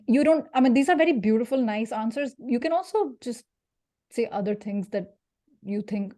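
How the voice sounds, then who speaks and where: A woman from India leading an interactive career workshop, lively and jokey, putting questions to her audience. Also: fairly high pitch, fairly quick. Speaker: career speaker.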